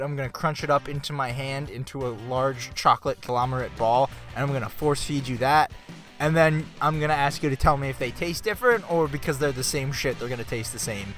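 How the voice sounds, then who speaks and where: A man with a high-leaning, a bit bright voice co-hosts a casual podcast chat. Blunt and playfully argumentative, he swears freely and fills his speech with "like".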